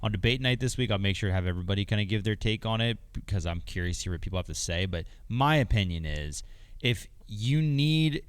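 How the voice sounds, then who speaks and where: A laid-back man co-hosting a podcast, cracking jokes as he talks. His voice is mid-pitched and smooth. The studio mic keeps the sound dry and close. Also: animated, fast talker, dry recording. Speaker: podcast co-host. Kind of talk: casual chat.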